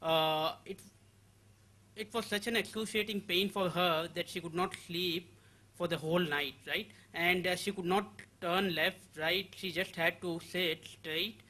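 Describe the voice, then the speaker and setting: Male testimony speaker, high bright voice, brisk storytelling. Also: fairly even intonation. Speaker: seminar attendee giving a testimony. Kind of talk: personal testimony.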